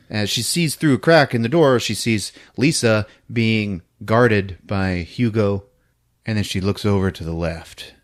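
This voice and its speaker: A man hosting a podcast, recapping a film in casual, giggly storytelling. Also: mid-range voice. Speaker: podcast host.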